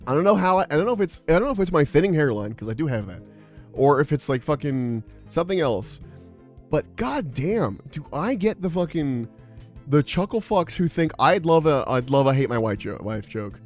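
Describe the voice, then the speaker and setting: A man's voice: on the high side, very animated, moderate pace. Young guy streaming, rambly and sweary, kinda exasperated, bit of music under it. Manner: profane, rambling, exasperated storytelling. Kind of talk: casual livestream chat.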